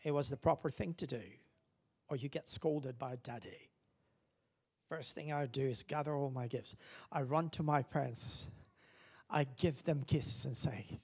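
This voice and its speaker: A man preaching as pastor, animated, swinging from loud calls down to hushed whispers. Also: mid-range voice, measured pace, pauses often, husky. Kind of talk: lively sermon.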